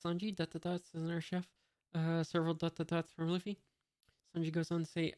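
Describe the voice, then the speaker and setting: Monotone reader reading a comic aloud. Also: medium pitch, brisk, smooth. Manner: reads out sound effects and punctuation marks, with many hesitations and asides.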